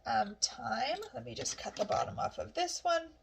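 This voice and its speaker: A woman's voice: on the high side, lively intonation, normal speed, vocal fry, slight background noise. A woman vlogging casually at home, chatting cheerfully while she cooks. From Canada. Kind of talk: casual chat.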